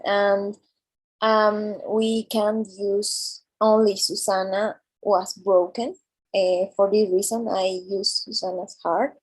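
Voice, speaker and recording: Slow, hesitant woman student, breathy. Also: mid-range voice, darkish tone, rough recording. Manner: hesitant, many fillers. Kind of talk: reading and explaining answers in class.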